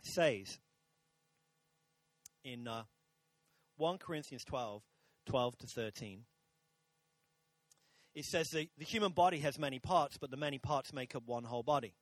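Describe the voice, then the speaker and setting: A man's voice: medium pitch, measured pace, long pauses, no room sound. A man preaching a sermon to a congregation in a church, chatty and jokey, talking with the crowd. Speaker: pastor. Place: church auditorium.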